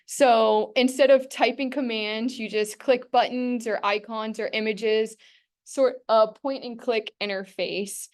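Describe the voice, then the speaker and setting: A young woman with a somewhat high voice leads a student workshop in front of a class. She talks in a casual, chatty way and leans on fillers as she explains. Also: fairly even intonation, measured pace. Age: young adult. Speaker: student presenter.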